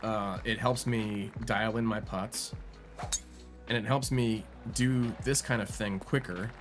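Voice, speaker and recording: Low-voiced man chatting over a golf game. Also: fairly even intonation, slow. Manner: rambling, jokey, thinks aloud with many fillers. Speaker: streamer. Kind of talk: casual gameplay commentary. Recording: music playing behind. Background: game music.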